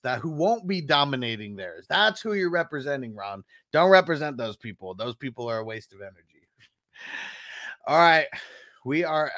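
A man's voice: a little high, a bit bright, no room sound, poor audio. A young man hosting a fantasy football live stream, chatting casually with viewers in a profane, teasing, rambling way full of fillers. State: coughing between phrases.

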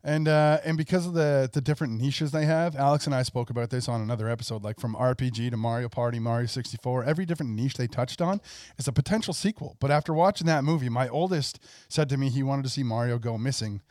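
A man's voice: mid-range voice, quick pace, a little mellow, dry recording, clean studio sound. A middle-aged man hosting a podcast in casual chat, enthusiastic and rambling, laughing often. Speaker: podcast host.

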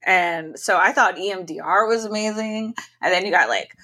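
A woman's voice: medium pitch, normal speed, sharp tone. A woman hosting an interview show, talking frankly and casually and now and then swearing lightly. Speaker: interview host. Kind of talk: conversational interview.

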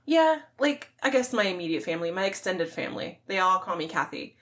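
A woman's voice: fairly low pitch, very animated, a little fast, a bit bright. A woman co-hosting a laid-back podcast, telling stories about a past job. She talks in a chatty, easygoing way, with frequent laughs. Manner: chatty, storytelling, laughs often. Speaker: podcast co-host. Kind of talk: casual chat.

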